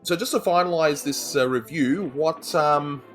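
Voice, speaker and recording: A man's voice: a little high, measured pace, fairly bright tone, faint music behind. A man with an Australian accent, chatting casually as a co-host reviewing old cartoons, laughing often between fillers. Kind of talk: casual chat.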